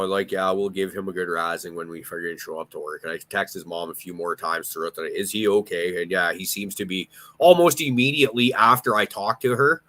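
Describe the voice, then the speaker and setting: A man with a bright, forceful tone and a fairly low voice tells a rambling story in loose, casual chat. He swears often and stumbles over his sentence starts as he goes. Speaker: podcast host.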